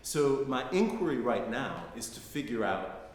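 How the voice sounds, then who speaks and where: A man's voice: mid-range voice, expressive, normal speed. A middle-aged man telling personal stories in a conversational lecture, often checking in with "right?". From United States. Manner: conversational, frequent "right?" tags. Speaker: guest lecturer. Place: lecture hall, live audience. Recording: echoey hall, faint noise.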